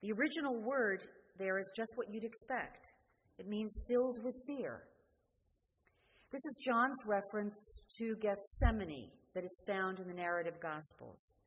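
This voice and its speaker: A woman preaching a sermon, earnest and questioning, often letting her sentences fall quiet at the end. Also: medium pitch, unhurried, breathy edge. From New Jersey. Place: church. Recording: church hall reverb, faint noise.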